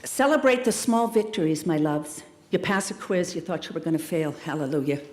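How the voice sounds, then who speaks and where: A middle-aged woman giving a commencement speech. She talks to the graduates in a warm, emphatic way, calls them "loves" and "darlings", and throws in playful, dramatic asides. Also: on the low side, a little fast. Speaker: commencement speaker. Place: large hall at a school ceremony. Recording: echoey hall, long reverb.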